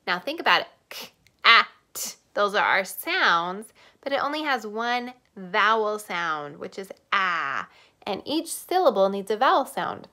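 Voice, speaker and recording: A woman teacher giving a lesson to young children, sing-song, clapping out words slowly. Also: medium pitch, big pitch swings, bright, forceful tone.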